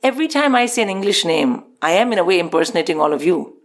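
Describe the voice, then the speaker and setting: A woman's voice: on the low side, quick pace. A woman from India, a comedian guest on a podcast, chatting casually and laughing often as she tells stories. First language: Hindi. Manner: animated, laughs often while telling stories.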